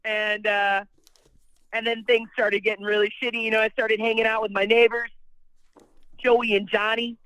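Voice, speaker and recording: A woman's voice: fairly high pitch, flat delivery, moderate pace, pauses often, fairly bright tone, smooth, no echo, rough recording. A woman with a New York accent telling her story casually and bluntly, swearing freely and restarting her sentences. Her voice is recorded close and dry, with no room sound. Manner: blunt, profane, frequent restarts and you-knows. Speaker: podcast guest sharing her recovery story.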